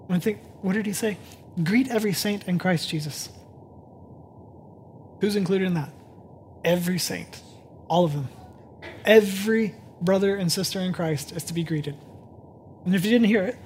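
Guy preaching, chatty sermon, soft then fired up, bit of background hiss. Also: high voice. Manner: conversational, swings from hushed to excited. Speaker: pastor. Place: church sanctuary.

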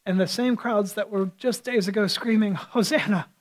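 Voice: mid-range voice, steady tone, normal speed, low-quality recording. Impassioned preacher building to fervor. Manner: impassioned, rising to fervent emphasis. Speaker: pastor. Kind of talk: sermon.

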